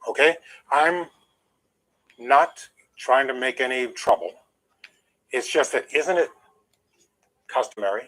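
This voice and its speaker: A man's voice: mid-range voice, animated, slow pace, long pauses, sharp tone, low-quality recording. An older man, an interview guest, telling a long personal story in an emphatic, aggrieved way while holding back emotion.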